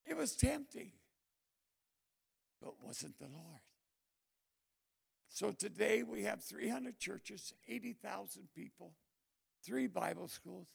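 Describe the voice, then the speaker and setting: An older male preacher tells sermon stories in a heavily gravelly voice pitched fairly high for a man. His delivery is animated, dropping to quiet asides and then rising into loud bursts. The tone is husky and rough. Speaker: missionary preacher. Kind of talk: storytelling sermon.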